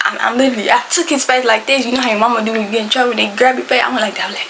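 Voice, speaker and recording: A young adult woman telling a storytime tale in casual slangy speech, loud and animated, acting out what people said. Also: a little high, rapid-fire, gravelly, background noise. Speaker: storytime vlogger.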